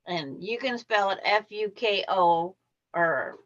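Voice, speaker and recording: Slow, chatty woman on a muffled call. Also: mid-range voice, expressive, a bit bright. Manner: chatty, with frequent restarts and trailing phrases. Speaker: co-host moderating a quilting livestream chat. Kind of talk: casual chat. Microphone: video call. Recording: dull, muffled video-call audio.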